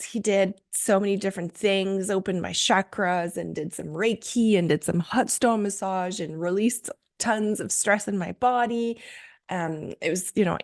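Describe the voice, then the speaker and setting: A woman hosts a solo podcast and tells a personal story. She sounds chatty and enthusiastic, with plenty of casual fillers. Her voice sits at a middle pitch. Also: a little mellow. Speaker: podcast host.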